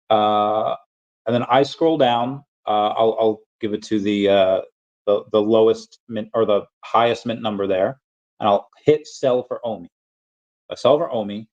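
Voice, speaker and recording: A man's voice: fairly low pitch, a little slow, darkish tone, lo-fi sound. A man hosting a casual livestream, answering chat questions in a rambling, self-correcting way.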